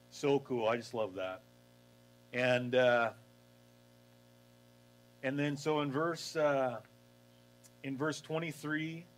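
Man, pastor, casual sermon, animated storytelling, mid-pitched. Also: slight background noise, low-quality recording. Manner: animated storytelling, acts out voices, laughs.

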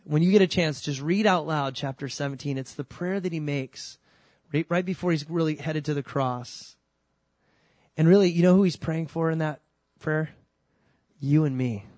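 At a moderate pace and fairly high pitch, a male pastor delivers his sermon in a dry recording. His style is lively and conversational, mixing loud emphasis with soft asides and humorous touches.

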